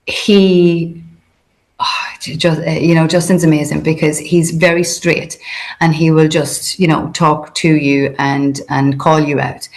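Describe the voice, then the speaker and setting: A woman being interviewed, talking in a hesitant, conversational way with many fillers and restarts. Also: low-pitched. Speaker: interview guest.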